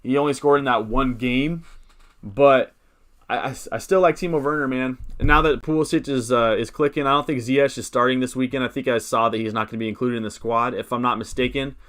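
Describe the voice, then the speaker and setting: A man's voice: mid-range voice, a little fast, fairly bright tone. Rambling young man streaming. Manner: rambling, chats with viewers, reads out comments. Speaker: live stream host. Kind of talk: casual live stream chat.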